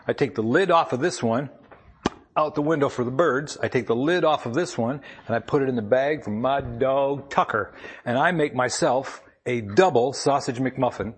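A man's voice: mid-range voice, normal speed, slightly rough. A man giving a devotional talk to a gathering from up front, telling a personal story in a conversational, plainspoken way and reading scripture aloud.

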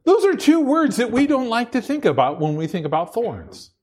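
Very high-pitched with huge pitch swings and a slightly mellow tone, a Pacific Northwest pastor preaches at normal speed. He keeps it conversational, stumbling on repeated words as sentences begin and laughing between points as he builds them.

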